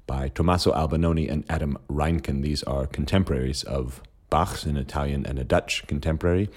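A man hosting a music podcast, introducing pieces in a playful, measured mock radio DJ manner. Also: extremely low pitch, a little mellow. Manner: playful, measured announcer delivery. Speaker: podcast host.

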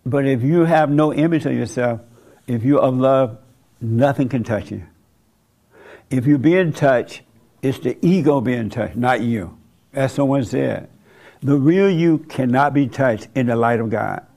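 Gravelly man preaching informally. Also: medium pitch, a little slow, dark tone. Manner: conversational, rhetorical questions, chuckles at his own points. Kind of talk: informal sermon to a small group.

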